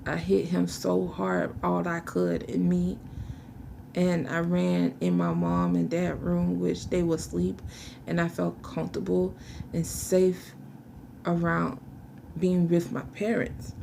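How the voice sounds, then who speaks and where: Gravelly-voiced young woman, halting testimony. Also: fairly low pitch, mellow, slight background noise. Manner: halting, searching for words, restarts. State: fighting back tears. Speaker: vlogger telling her life story. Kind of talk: emotional personal testimony.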